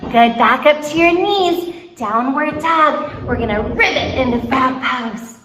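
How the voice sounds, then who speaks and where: A high-voiced woman leads a children's yoga class in a slow, gentle sing-song. Her voice rings in a roomy space, with music playing clearly underneath. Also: lively intonation. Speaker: kids' yoga instructor. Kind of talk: guided kids' yoga class. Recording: roomy echo with music behind. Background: background music.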